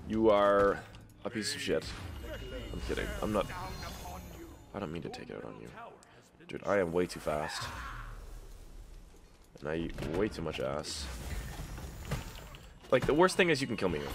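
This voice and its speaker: A young man commentating his own gameplay, muttering one moment and yelling and cursing in frustration the next. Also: lowish voice, creaky. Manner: swings between mutters and yelled, cursing outbursts. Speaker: gaming YouTuber.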